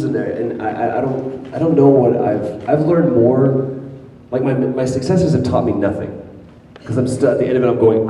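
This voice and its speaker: A man's voice: mid-range voice, moderate pace, warm tone, slight background noise. A man telling stories at a convention panel, rambling and restarting his sentences, often laughing. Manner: rambling, self-interrupting storyteller with frequent laughs. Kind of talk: casual panel talk. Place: large convention hall. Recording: echoey hall from far off.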